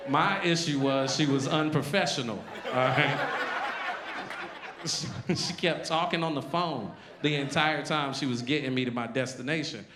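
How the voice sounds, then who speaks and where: A man's voice: mid-range voice, normal speed, a loud crowd. A male stand-up comedian performing a live set with a brash, punchy, conversational delivery. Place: live comedy venue with an audience.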